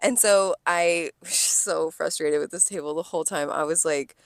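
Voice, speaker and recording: A woman's voice: low voice, moderate pace, no echo. A woman co-hosting a podcast, telling a story about a rude restaurant customer in casual chat, swearing a lot and acting out the quotes. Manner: animated, profane venting with acted-out quotes. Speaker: podcast co-host, server.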